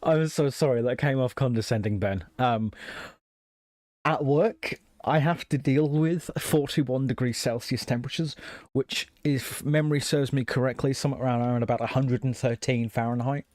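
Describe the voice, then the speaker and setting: A man's voice: medium pitch, moderate pace, a little mellow, dry recording. Apologetic man rambling on a live stream. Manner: rambling, thinks aloud, reads and answers chat; apologetic, self-conscious. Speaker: live streamer building Linux. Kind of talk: casual live-stream chat while working.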